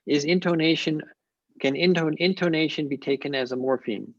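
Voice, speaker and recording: A man speaking at a conference, answering questions in a measured, thoughtful way with frequent pauses and restarts. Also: on the high side, no room sound, lo-fi sound. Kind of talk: academic Q&A on an online call.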